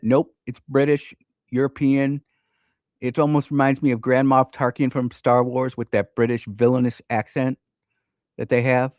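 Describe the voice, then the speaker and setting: A man's voice: medium pitch, flat delivery, moderate pace, a little mellow, dry recording, clean studio sound. A man in his fifties hosting a radio talk show, talking in a fired-up, preachy way and speaking straight to his listeners. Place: radio studio.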